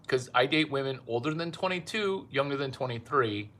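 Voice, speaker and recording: A man's voice: mid-range voice, expressive, normal speed, a bit bright, slight background noise. A man delivering a rambling, provocative comic monologue with brash, repetitive phrasing. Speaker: self-styled dating advice comedian.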